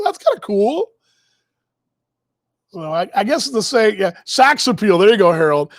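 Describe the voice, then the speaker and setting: Rambling high-voiced man spinning stories. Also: no room sound. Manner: rambling, self-interrupting, chuckling asides. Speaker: broadcast host. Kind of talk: casual storytelling monologue.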